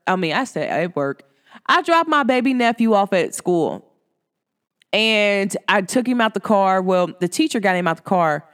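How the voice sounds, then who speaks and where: A woman in her thirties hosts her own show and talks straight to her listeners in a loose, casual monologue. She is animated, and her voice jumps around a lot as she acts out what people said. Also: moderate pace, big-room sound. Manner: animated, acts out quotes with lively pitch jumps. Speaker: podcast host.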